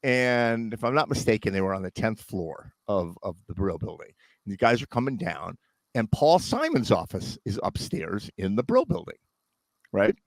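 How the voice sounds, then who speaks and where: A man's voice: on the low side, moderate pace, no room sound. A middle-aged man telling a long story in casual chat, acting out the voices of people in it. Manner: animated storyteller, acts out others' voices.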